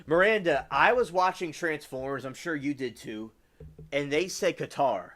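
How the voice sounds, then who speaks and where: A man's voice: fairly high pitch, expressive, normal speed, fairly bright tone. A man hosting a casual livestream, rambling about the news and reading viewer comments aloud. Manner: rambling, reads chat aloud and answers viewers. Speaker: livestream host.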